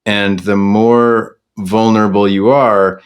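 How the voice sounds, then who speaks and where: Man, middle-aged, from Canada, low-pitched, reflective, self-deprecating interview guest. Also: level tone, slow, clear, resonant tone. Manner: reflective, self-deprecating, many restarts and fillers. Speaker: guest singer-songwriter. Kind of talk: candid conversational interview.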